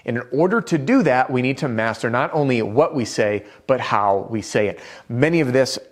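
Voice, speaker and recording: A man's voice: medium pitch, animated, normal speed. Upbeat man coaching on sales. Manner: upbeat, direct, coaching the viewer. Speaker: roofing sales trainer. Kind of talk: instructional video talk.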